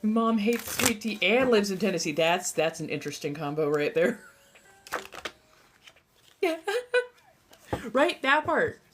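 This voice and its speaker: Young american woman on a livestream, bit of a southern twang, laughing and reacting to chat, medium pitch. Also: very animated, slow, pauses often, noisy background. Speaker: livestream host.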